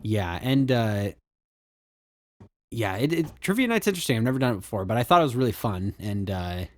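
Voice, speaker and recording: A man's voice: lowish voice, expressive, fairly quick, darkish tone, no echo. A man co-hosting a podcast in casual chat, rambling with fillers and restarts. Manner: rambling, frequent fillers and restarts, laughs often. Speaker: podcast co-host.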